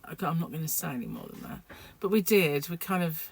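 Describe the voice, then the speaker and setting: A woman's voice: sits low, fast, husky. A sleep-deprived woman, rambling casually to camera in a home vlog, full of fillers and restarts. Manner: rambling, chatty, many fillers. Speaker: vlogger.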